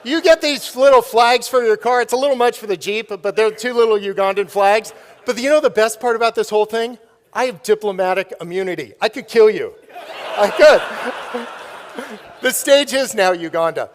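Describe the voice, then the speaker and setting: On stage, a middle-aged man gives a storytelling keynote, playful and quick to laugh at his own jokes. His voice is fairly high for a man, and the large hall leaves a long reverberant tail on the sound.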